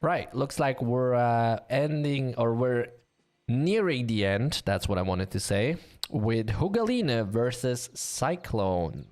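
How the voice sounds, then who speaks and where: A man's voice: mid-range voice, lively intonation, slow, darkish tone. A man casting a live online game match, chatty and joking with his co-caster and the audience. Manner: chatty, joking, easily amused. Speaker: esports caster.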